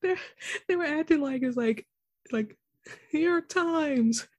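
A woman co-hosting a casual TV recap chat, animated and quick to act out characters' lines. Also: high voice, no room sound. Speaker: podcast co-host.

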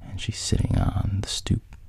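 Speaking at a measured pace in a slightly mellow voice, a man casually retells the plot of a film. He quotes the characters in his own voice and often drops down to a whisper.

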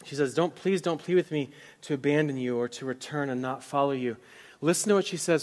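A man's voice: fairly high pitch, brisk. Impassioned male pastor preaching. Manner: dramatic, voices biblical characters' words with rising intensity; drops to a soft whisper at tender moments. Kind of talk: sermon. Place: church.

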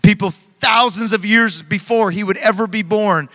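A man in his thirties preaching with energy, his voice high and bright. He keeps calling on the congregation to answer back. A long hall reverb trails behind him. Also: normal speed. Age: 30s. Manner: energetic, calls for congregation responses. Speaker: pastor. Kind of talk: sermon.

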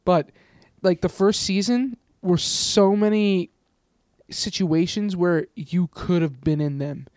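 Young male podcast co-host, rambling storyteller, slightly high-pitched, dry close sound. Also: slow pace, a little mellow, no room sound. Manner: rambling, laughs often, loose storytelling. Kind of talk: casual chat.

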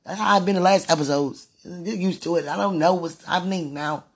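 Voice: medium pitch, a little fast, husky. A speaker in a fervent devotional monologue, sighing and laughing often and repeating words.

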